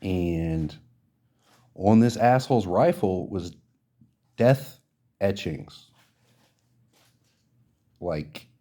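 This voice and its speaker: Indignant man ranting, low mellow voice. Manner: indignant, profane, emphatic. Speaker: podcast host. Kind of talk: ranting social commentary.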